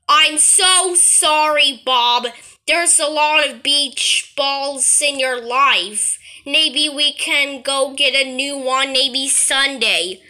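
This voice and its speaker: A firm, patient cartoon mother, voiced by a woman in her natural voice, scolds and soothes her son. Her voice is high and bright, and she speaks very slowly and carefully. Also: slight background noise. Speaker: cartoon narrator and voice actor.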